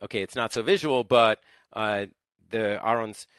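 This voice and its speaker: Bright, halting man giving an online class. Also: on the low side, clear, resonant tone, no echo. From lives in Israel. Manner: halting, with many fillers and restarts. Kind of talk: informal online lecture.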